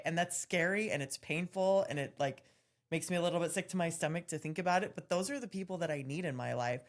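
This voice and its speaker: A woman with a notably low, deep speaking voice chats casually as a podcast co-host. She tells candid stories in an animated way, with bursts of laughter. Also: quick pace. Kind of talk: casual chat.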